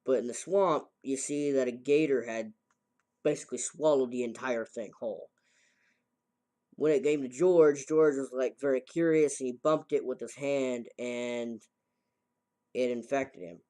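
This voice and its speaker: A game reviewer recaps a story's plot in a casual, rambling way, correcting himself as he goes. His medium-pitched voice is dark and a little slow, and the recording is very echoey, with him far from the mic.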